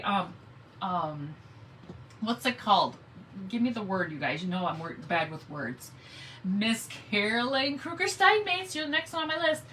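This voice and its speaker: A woman's voice: fairly high pitch, sharp tone, recorded from a distance, a little hiss or hum, poor audio. A woman hosting a live craft stream, chatting casually and greeting viewers by name as she works. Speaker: craft livestream host.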